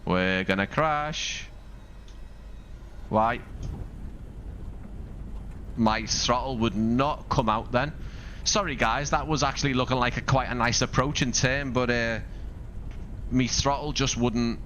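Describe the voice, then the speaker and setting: A man's voice: mid-range voice, steady tone, a little slow, long pauses, fairly bright tone, slight background noise. A man from Liverpool with a Scouse accent, chatting casually while live-streaming a flight simulator, rambling and thinking aloud with asides to his viewers. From Liverpool, England.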